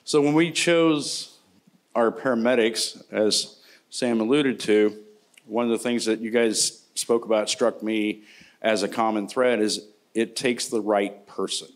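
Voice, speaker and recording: Middle-aged man, low-pitched, paramedic on a panel, casual and joking. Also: steady tone, unhurried. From Indiana, United States. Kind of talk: conference panel talk.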